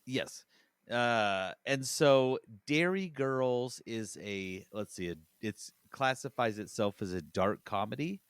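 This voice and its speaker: A man's voice: mid-range voice, expressive, slow, smooth, no echo, studio quality. A man hosting a podcast in casual chat, chatty and laughing as he retells scenes. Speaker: podcast host.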